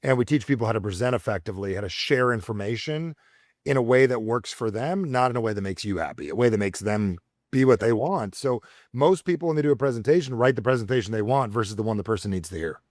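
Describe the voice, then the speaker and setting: A man's voice: mid-range voice, lively intonation, fast, a little mellow, no echo, clean studio sound. A man, a communication coach, telling stories energetically as a podcast guest and acting out the voices he quotes. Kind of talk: podcast interview.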